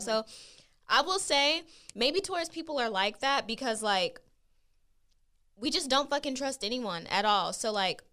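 Bright, blunt woman co-host. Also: high voice, normal speed. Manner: blunt, profane, animated storytelling. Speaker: podcast co-host. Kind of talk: casual chat.

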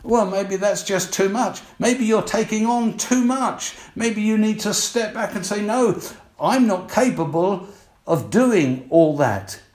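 An older man delivers a relaxed, conversational sermon in a voice that sits a little high. He keeps asking his listeners questions and circling back over his points. The room around him is echoey. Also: slow pace. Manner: conversational, repeats himself, asks listeners questions. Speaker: preacher. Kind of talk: informal sermon.

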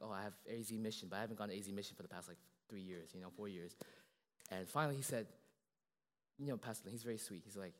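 Man preaching casually in a reverberant church. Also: medium pitch. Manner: casual, animated preaching with many fillers and self-deprecating jokes. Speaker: pastor. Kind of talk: sermon.

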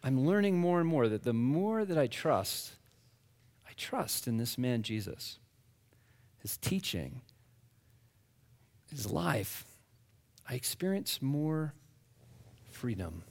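A man giving an animated personal faith testimony, acting out his own past words as he tells the story. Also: mid-range voice, takes it slowly, long pauses. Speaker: guest speaker. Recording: long reverb of a large hall.

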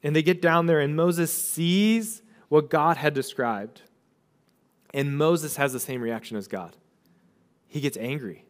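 A young adult pastor with a fairly high, unhurried voice preaches a sermon, paraphrasing scripture in a casual, chatty way and speaking the characters' lines himself.

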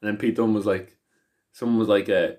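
A man in loose, casual podcast chat, stumbling through his stories with false starts and the odd swear word. His voice sits slightly low. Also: fairly even intonation, fairly quick, a little mellow. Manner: rambling, with many restarts and swearing. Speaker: podcast co-host.

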